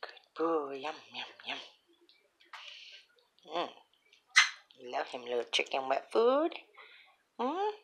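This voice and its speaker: A woman fostering a kitten, cooing sing-song baby talk to it at home and sometimes dropping to a soft whisper. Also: deep voice, huge pitch swings, slow pace, long pauses. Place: home indoors. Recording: home video with clear background noise.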